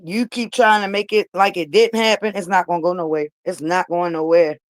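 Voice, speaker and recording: A woman's voice: on the low side, steady tone, brisk, no room sound, poor audio. Woman telling her story, dry close sound. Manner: emphatic, repeats herself, talks straight to viewers. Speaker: vlogger. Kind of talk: personal storytelling to viewers.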